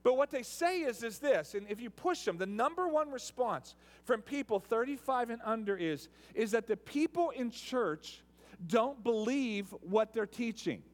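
A man, a pastor, preaching a sermon in a storytelling way, repeating words and restarting, at times building to loud preaching. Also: very high-pitched, expressive, unhurried. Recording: long reverb of a large hall.

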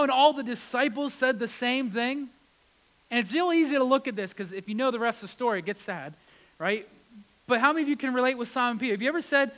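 A man preaching a sermon, retelling scripture with lively acted-out quotes. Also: extremely high pitch, poor audio. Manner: animated, acts out quotes with rising intensity. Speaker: pastor.

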